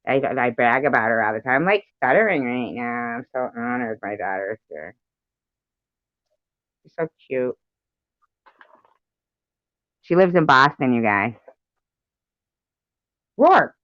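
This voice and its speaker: A woman's voice: rumbling low, expressive, measured pace, pauses often, no room sound. Giggly rambling woman on a muffled stream. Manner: giggly, rambling, often laughing. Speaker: livestream host. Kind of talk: casual livestream chat. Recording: muffled dry livestream audio.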